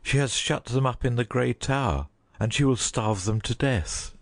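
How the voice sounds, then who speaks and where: A man's voice: medium pitch, moderate pace, gravelly, lightly acted. A man voicing a loyal, anguished huntsman in a dramatized audiobook, emotional and torn. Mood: worried.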